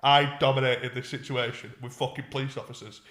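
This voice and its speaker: A man's voice: mid-range voice, little pitch movement, a little fast, fairly bright tone, echoey room. A man co-hosting a podcast, telling a rambling, sweary story in casual chat and acting out what people said. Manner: sweary, rambling, acts out quoted voices. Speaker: podcast co-host.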